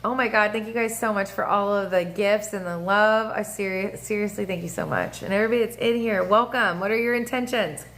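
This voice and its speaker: A woman hosting a casual astrology livestream, talking in an animated, profane way with laughing asides and sing-song voices. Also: medium pitch, a little fast, few pauses. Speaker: livestream host. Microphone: phone or webcam mic.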